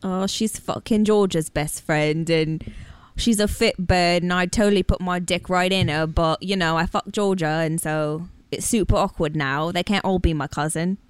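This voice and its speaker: A woman's voice: lowish voice, fairly even intonation, normal speed, clear, resonant tone, no room sound, lightly acted. A woman putting on a mock British accent to play a cocky, crude young British man. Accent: put-on British.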